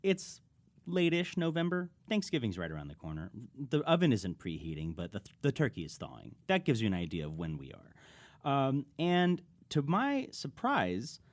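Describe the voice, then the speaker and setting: A young man from Texas co-hosting a podcast, chatting casually and telling lively stories. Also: mid-range voice, moderate pace, no room sound, studio quality. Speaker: podcast co-host. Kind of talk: casual chat.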